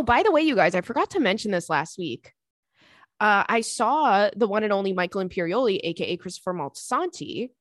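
A young woman hosting a podcast in casual chat, animated and profane, laughing often between thoughts. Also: medium pitch, dry recording, clean studio sound. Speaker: podcast host.

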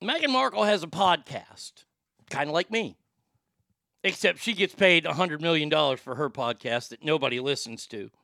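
A loud, mocking man riffs through a comedic podcast. His voice is high for a man and gravelly, with a bright, sharp edge. The sound is dry and close. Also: expressive, normal speed, no echo. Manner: loud, mocking, laughs at his own jokes. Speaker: podcast host. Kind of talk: casual comedic commentary.

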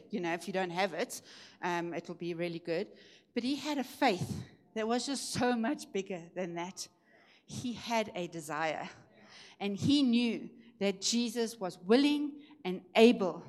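A middle-aged woman preaching a Sunday sermon, emphatic and animated, lifting her voice high when she acts out shouting. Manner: emphatic, swings pitch up for acted shouts.

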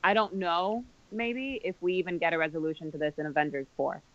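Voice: medium pitch, steady tone, a little fast, fairly bright tone, dry recording, dull audio. A podcast panelist musing hesitantly in casual chat. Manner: speculative, hesitant.

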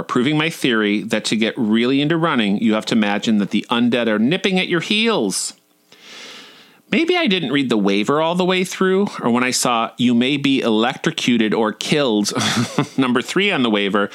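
A man's voice: mid-range voice, fairly bright tone. A man in his forties reading his own humorous personal essays in a wry, irreverent, playfully profane way. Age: 40s.

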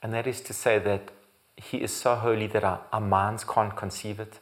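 A man preaching a sermon as pastor, building to loud, emphatic repeated phrases and sometimes correcting himself. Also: on the low side, little pitch movement, moderate pace. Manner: occasional restarts and self-corrections.

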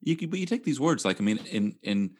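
A man's voice: medium pitch, very animated, fast talker, a little mellow. A man trading playful, giggly banter in casual chat. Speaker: podcast co-host.

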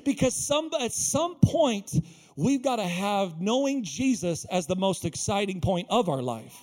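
High-voiced, animated male pastor. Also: normal speed. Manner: animated, jokey, acts out quotes. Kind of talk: sermon. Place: small church.

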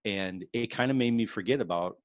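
A man co-hosting a podcast, talking in an excited, enthusiastic way. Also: fairly low pitch, a little fast, lo-fi sound, a little hiss or hum. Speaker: podcast co-host. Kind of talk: casual chat.

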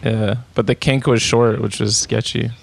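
Male podcast host, gravelly voice, laid-back, casual swearing. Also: medium pitch, steady tone, normal speed. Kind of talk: casual chat.

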